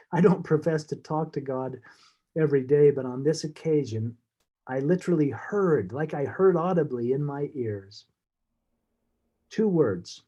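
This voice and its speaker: A man as an interview guest, telling a personal story in a halting, heartfelt way with fillers and restarts. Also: mid-range voice, warm tone.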